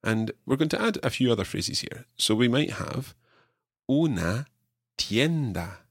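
A man teaching a podcast language lesson, drilling his learner with clear repeated phrases. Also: mid-range voice, sing-song, a little slow, dry recording, studio quality.

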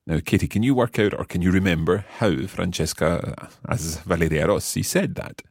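A man's voice: deep voice, normal speed, husky, dry recording, studio quality. A man teaching a podcast language lesson, explaining patiently step by step and quizzing his learner.

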